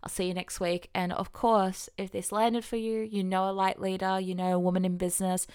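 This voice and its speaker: A woman's voice: medium pitch, flat delivery, a little fast, a little mellow, smooth. A woman hosting a podcast, talking alone to her listeners in a casual, emphatic way, swearing freely and acting out inner voices in quotes. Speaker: podcast host, business coach. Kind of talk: solo podcast monologue.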